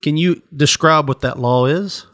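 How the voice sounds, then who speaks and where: A man's voice: on the high side, unhurried, fairly bright tone, no echo, clean studio sound. A man co-hosting a podcast, talking in rambling, profane casual chat and laughing often. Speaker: podcast co-host.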